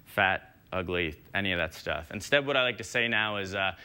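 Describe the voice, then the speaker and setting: A man's voice: low voice, expressive, fairly quick, background noise. A young man performing a stand-up comedy set on a TV stage, talking in a casual, rambling, self-deprecating way. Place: TV studio stage before a live audience.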